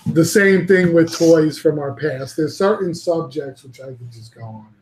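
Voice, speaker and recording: A man's voice: fairly high pitch, moderate pace, a little mellow, echoey room, rough recording. A man hosting a casual panel chat, rambling and swearing freely as he talks and laughs easily. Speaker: podcast host.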